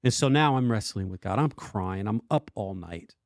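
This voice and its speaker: Animated man telling a faith story. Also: on the low side, moderate pace, dry recording. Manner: animated storytelling, acting out his own past lines. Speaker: worship pastor and podcast co-host. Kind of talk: casual faith podcast chat.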